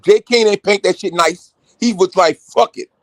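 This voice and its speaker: A man talking loudly and excitedly in casual chat with rough, profane language. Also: high voice, moderate pace, no room sound. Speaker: show regular.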